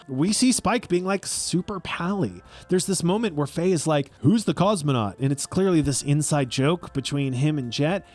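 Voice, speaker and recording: Lively, sarcastic young man ranting. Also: fairly high pitch. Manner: animated, profane and sarcastic, acts out quotes. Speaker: video essay host. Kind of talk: opinionated commentary.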